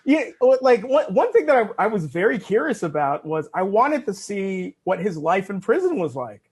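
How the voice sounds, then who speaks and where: A man's voice: high voice, big pitch swings, normal speed, breathy edge. Chatty man, rambling podcast guest. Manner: rambling, hesitant, profane. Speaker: guest writer. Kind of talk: casual podcast chat.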